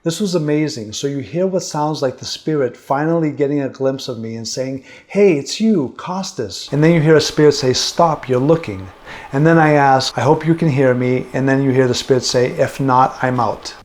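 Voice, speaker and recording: A man's voice: mid-range voice, moderate pace, darkish tone. A man narrating and explaining his own paranormal session recordings, interpreting what he hears. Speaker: paranormal investigator. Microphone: studio mic for narration.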